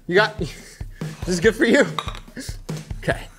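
An excitable man jokes his way through cooking, his pitch jumping all over as he repeats phrases in hyped bursts. Music plays clearly behind him in the studio kitchen. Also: slow. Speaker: guest cook. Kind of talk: comic cooking banter.

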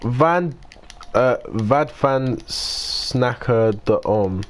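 A British streamer of nineteen speaks extremely slowly in an expressive mid-range voice, swearing and complaining as he plays. He chats casually and answers viewers by name, and the recording carries a little hiss or hum.

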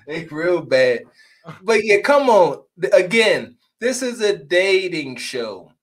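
A man's voice: high voice, very animated, drawn-out words, pauses often. A man in his forties who co-hosts a podcast, reacting to a clip with blunt, mocking jokes. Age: 40s. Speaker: podcast co-host. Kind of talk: reaction commentary.

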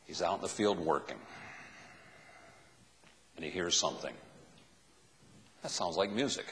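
A man's voice: sits low, unhurried, fairly bright tone, slight background noise. A man preaching a sermon as a pastor, asking the listeners question after question. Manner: asks the listeners many questions. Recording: long hall reverb.

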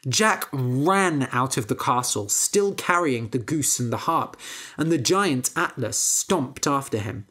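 A woman reading a fairy tale aloud as a storyteller, slow, clear and expressive for English learners. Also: rumbling low.

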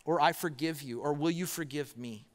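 In a church auditorium, a pastor preaches, telling a story with pauses and putting repeated rhetorical questions to his congregation. His voice is slightly high for a man, and the hall adds a long reverb.

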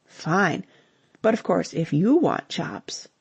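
A woman's voice: fairly low pitch, very animated, takes it slowly, creaky, slightly rough, dry recording, full character voice. A woman reading the lines of a cheerful, bumbling young English husband who talks in breezy slang.

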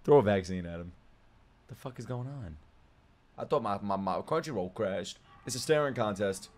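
A young man reacting to an anime episode in casual, jokey commentary, swearing freely and yelling at big moments. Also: on the low side, lively intonation, moderate pace. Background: anime audio and music playing.

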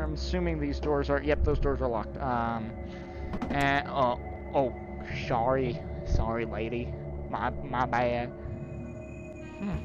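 A man's voice: medium pitch, a little slow, highs cut off, music in the background. A man giving joking, rambling commentary while playing a horror game. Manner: joking, rambling, self-mocking asides. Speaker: gaming video host. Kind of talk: let's play commentary.

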